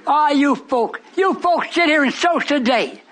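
A man's voice: extremely high pitch, lively intonation, unhurried, background noise. A man preaching a sermon to a live congregation, teasing and questioning them in call-and-response. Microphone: broadcast on shortwave radio.

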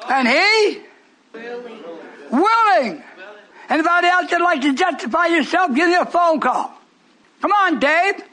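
A man's voice: extremely high pitch, animated, measured pace, pauses often, pushed and bright. A man preaching a sermon to a live congregation, teasing and questioning them in call-and-response. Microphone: broadcast on shortwave radio.

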